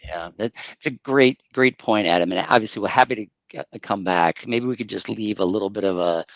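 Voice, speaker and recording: A man co-author speaking as a guest on a podcast, measured and a little hesitant. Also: on the low side, no echo, muffled recording. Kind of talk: podcast interview talk.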